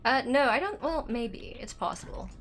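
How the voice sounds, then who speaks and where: A woman's voice: on the high side, expressive, moderate pace, a bit bright. A woman chats loosely over a live gameplay stream, rambling and reacting to chat as she plays. Her throat is dry from being sick, and her dental aligners leave a slight lisp. Faint music sits under her voice. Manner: chatty, rambling, reads chat aloud.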